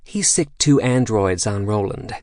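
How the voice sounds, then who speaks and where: A man's voice: lowish voice, expressive, measured pace, a little mellow, dry recording, clean studio sound. A man voicing a sassy, teasing woman fixer in a raised, lighter voice.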